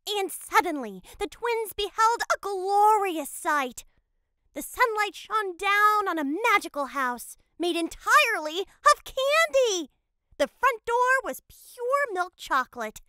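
A woman's voice: very high voice, big pitch swings, slow, sharp tone, no room sound, clean studio sound, full character voice. A woman voicing a cheerful cat mother who narrates a cartoon storybook in a playful way.

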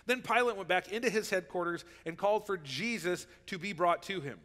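High, bright-voiced male pastor preaching. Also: brisk, big-room sound. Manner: conversational preaching, checks in with "okay?". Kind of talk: sermon. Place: church sanctuary.

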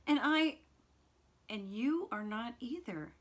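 A woman's voice: animated, slow pace. A woman reading aloud as a distraught young woman who pleads tearfully with her lover not to leave. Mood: pleading. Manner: high, loud, tearful pleading.

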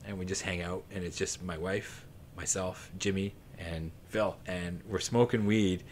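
A man's voice: sits low, steady tone, a little slow, a little hiss or hum. A man in his late thirties from southern Ontario, a guest musician telling a long story on a podcast in a rambling, profane way, full of fillers and laughter.

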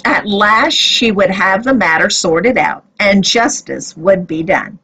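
Woman, children's Bible storyteller, expressive, slow delivery, breathy tone. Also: mid-range voice, low-quality recording.

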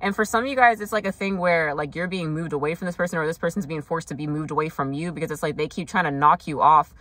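A woman's voice: deep voice, fairly bright tone. A young woman doing a casual tarot reading, talking loosely with lots of fillers and frank swearing. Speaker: tarot reader.

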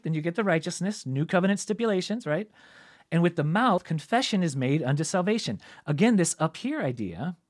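Man teaching scripture in a relaxed, chatty way. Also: fairly high pitch. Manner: conversational, thinks aloud, frequent "right?" asides. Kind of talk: casual Bible teaching.

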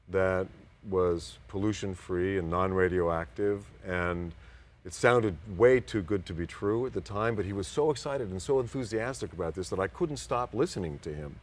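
An older man with a fairly low voice sits in as an interview guest. He talks in a relaxed, casual way and drifts through rambling anecdotes. He slips into other people's voices as he tells them.

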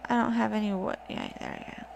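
A gaming channel host with a wrist brace casually commentates her gameplay, swearing often and talking back at the zombies. Her medium-pitched voice is fast, gravelly and darkish, with huge swings in pitch, captured in a noisy home recording.

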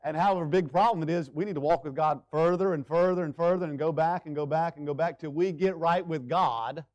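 Male pastor, high voice, church sermon; urgent and loud, then hushed and slow for emphasis. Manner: preaching with sweeping swings between loud urgency and hushed emphasis. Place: church sanctuary.

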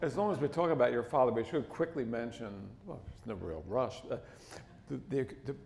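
A man from Philadelphia with a slight Philadelphia accent, hosting an on-stage interview before a live audience, halting and repeating words as he starts his sentences. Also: medium pitch, creaky, noisy background. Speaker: interviewer host.

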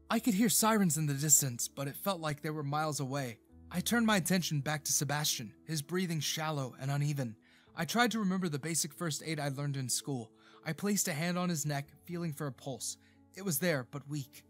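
Brief: male narrator, somewhat high voice, dramatic emotional storytelling, faint music bed. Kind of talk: scripted first-person narration of a romance story.

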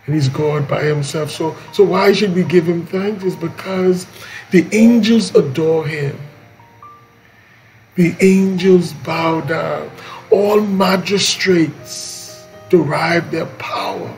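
Male preacher for a morning devotion; unhurried, emphatic, repeats refrains, light guitar underneath. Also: fairly high pitch, darkish tone, low-quality recording. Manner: slow, emphatic, repeats key lines.

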